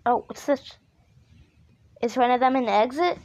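Reaction host: woman, high voice, slow, frightened pleading, dull lo-fi audio. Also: darkish tone. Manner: frightened, pleading with the screen, repeating herself. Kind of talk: casual reaction commentary.

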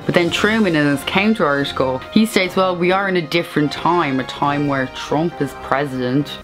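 A woman with an Irish accent from Ireland, hosting a chatty theatre news vlog with playful, sarcastic asides. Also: low voice. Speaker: theatre vlogger.

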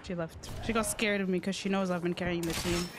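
A young woman streamer giving casual, profane and excitable commentary while she plays a shooter game, laughing often. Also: lowish voice, fairly quick, noisy background. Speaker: gaming streamer. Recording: gameplay audio with gunfire behind. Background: game gunfire.

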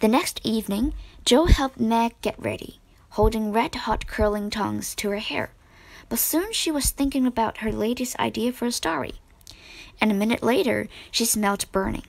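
A woman reading a children's storybook aloud with steady expression. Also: fairly high pitch, normal speed, gravelly, no room sound. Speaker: narrator.

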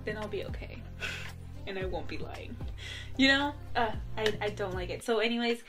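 A young woman rants about her day in a loose, chatty voice. She laughs often and slips into exaggerated, sarcastic comebacks. Soft music plays underneath. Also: mid-range voice, moderate pace. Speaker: vlogger. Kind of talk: casual chatty rant to camera.

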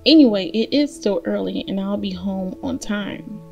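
A woman's voice: medium pitch, moderate pace, creaky, darkish tone, soft background music, close to an everyday voice. A woman voicing an innocent, trusting young girl in a read-aloud fairy tale. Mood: wondering.

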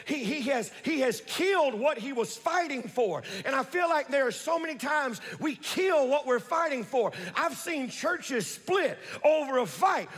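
A male pastor preaching a sermon, telling the story with animated delivery and calling out to the congregation. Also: extremely high pitch, big-room sound. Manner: builds to shouting at peaks.

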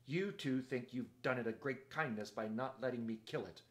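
A man's voice: medium pitch, moderate pace, a bit bright, lightly acted. A man voicing a sour, hostile male dwarf who speaks harshly and insistently.

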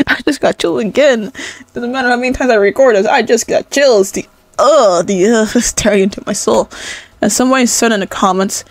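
A woman's voice: on the high side, brisk, no echo. Young woman reading fan fiction aloud. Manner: laughs and swears freely in asides, stumbles over words.

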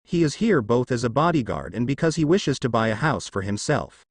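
A man's voice: mid-range voice, big pitch swings, a little fast, no echo, clean studio sound. A man voicing a stern, commanding elderly male village leader in a fan fiction reading. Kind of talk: fan fiction read-aloud.

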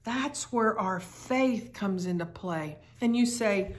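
Slow, earnest woman teaching Bible study. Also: mid-range voice. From United States. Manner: earnest, emphatic, repeats phrases.

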